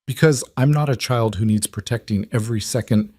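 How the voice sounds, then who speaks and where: A man's voice: medium pitch, fairly quick, dark tone, no echo, clean studio sound, natural voice. A man voicing a proud, guarded young woman in a romance audiobook, lifting his voice for her. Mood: defensive.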